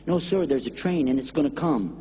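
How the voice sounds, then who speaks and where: A man's voice: brisk, mellow, big-room sound, a little hiss or hum, close to an everyday voice. A man with a Texan accent voicing a pleading man who urgently warns a stranger about a coming train. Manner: urgent, pleading, climbing high.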